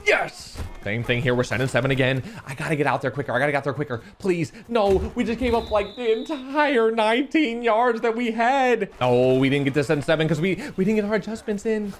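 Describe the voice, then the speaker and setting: Young guy with a fairly high voice hyping up his football game, animated, talks with his hands. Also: brisk, few pauses. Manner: excitable, shouts and laughs at big plays, talks to viewers. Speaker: video game commentator. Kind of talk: live gameplay commentary.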